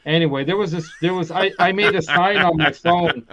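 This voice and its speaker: A man's voice: high voice, fairly quick, very noisy. A man hosting a casual gear live stream, rambling through a story with frequent laughs and restarts.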